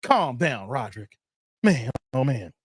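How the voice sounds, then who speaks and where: A man's voice: medium pitch, big pitch swings, unhurried, slightly rough. A man hosting a live stream and reading chat comments, talking in a teasing, playfully exasperated way.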